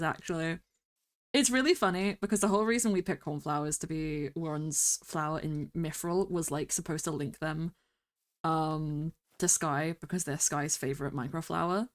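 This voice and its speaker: A woman streamer rambling through casual gameplay commentary, talking to herself with bursts of excited exclamations. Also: sits low. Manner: chatty, rambling self-talk with excited exclamations. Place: home streaming setup.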